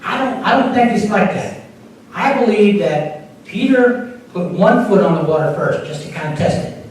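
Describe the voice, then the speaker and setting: A man's voice: sits high, moderate pace, a little mellow, slight background noise. A man, an associate pastor, preaching a sermon in a conversational way, with small repeats and restarts. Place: church sanctuary. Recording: echoey room picked up from far off.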